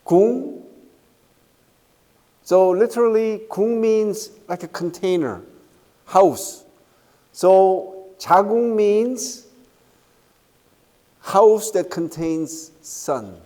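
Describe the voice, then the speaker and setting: Slow-talking Korean-accented male lecturer. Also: high-pitched, warm tone. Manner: unhurried, frequent "okay?" and "right?" checks, many fillers. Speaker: university lecturer. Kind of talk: university lecture. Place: lecture hall. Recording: lecture hall with long reverb.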